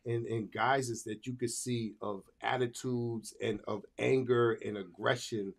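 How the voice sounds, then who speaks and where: A man's voice: medium pitch, steady tone, a little slow, vocal fry, few pauses. A man co-hosting a casual podcast chat, emphatic, repeating phrases as he works out his point. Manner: emphatic, repeats himself while working out a point. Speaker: podcast co-host.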